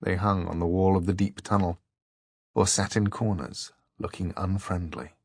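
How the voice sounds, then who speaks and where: A man narrating an audiobook in a measured, deliberate storytelling voice. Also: low voice, steady tone, a little mellow, husky, no echo, clean studio sound. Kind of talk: scripted narration.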